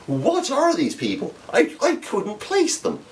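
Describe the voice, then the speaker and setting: A man's voice: extremely high pitch, huge pitch swings, a little slow. A young man from England with an English accent, telling an observational comedy story with frequent laughs and stammering restarts. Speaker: amateur comedian.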